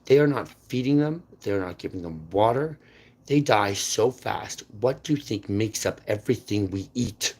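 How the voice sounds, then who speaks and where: Intense rambling man, husky voice. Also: on the low side, expressive, normal speed. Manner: intense, jumps between topics, repeats words, emphatic swings in loudness. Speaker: channel host. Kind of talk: rambling unscripted monologue to camera.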